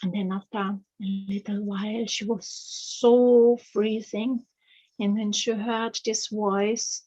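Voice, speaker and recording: A woman telling a fairy tale aloud, slowly and hesitantly, with many fillers. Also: mid-range voice, level tone, warm tone, dull audio. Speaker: author and storyteller.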